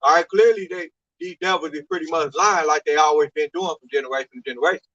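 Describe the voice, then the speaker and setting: A man joining a discussion with hesitant, filler-heavy speech that turns forceful, on a dull lo-fi recording. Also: fairly high pitch, fast talker. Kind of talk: casual discussion.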